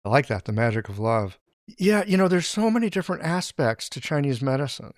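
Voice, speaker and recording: A man hosting a podcast interview, speaking in a halting, reflective way. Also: mid-range voice, big pitch swings, no room sound, studio quality. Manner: halting, many fillers and restarts, reflective. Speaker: podcast host.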